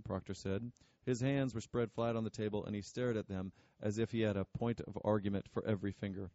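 A man narrating an audiobook in a steady, measured way, with a low voice. His tone is warm and mellow. The recording is dry and a little dull. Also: dry recording.

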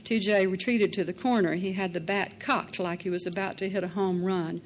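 A woman narrating a dramatic story in a measured way, slowing down in tense passages. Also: medium pitch, steady tone, slight background noise. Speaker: audiobook narrator.

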